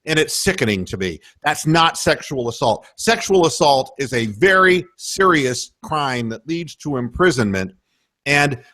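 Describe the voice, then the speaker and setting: A man's voice: on the high side, a bit bright. A man hosting a radio show, delivering a heated, profane political rant, stumbling and repeating himself as he gets worked up. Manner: profane, indignant, emphatic; restarts and repeats when worked up.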